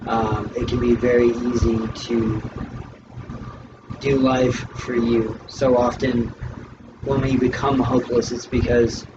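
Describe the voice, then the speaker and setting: Casting note: man, monotone, earnest testimony, far from the mic, dull and noisy sound. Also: mid-range voice, slow. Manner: earnest, reflective, with "um"s. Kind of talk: casual faith talk, personal testimony. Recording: distant, muffled, noisy.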